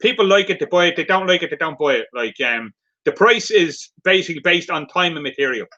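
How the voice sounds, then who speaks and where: Chatty Irish craftsman, bright voice. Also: a little high, expressive, fairly quick, lo-fi sound. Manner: rambling and chatty, laughs often. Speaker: craftsman selling his work. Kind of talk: casual live-stream chat.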